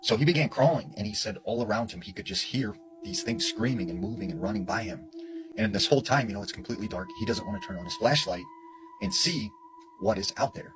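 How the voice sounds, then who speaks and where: A man's voice: medium pitch, huge pitch swings, fast, rough recording. A man retelling a story in a casual, conversational way, with lots of "you know" and "like". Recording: music playing underneath.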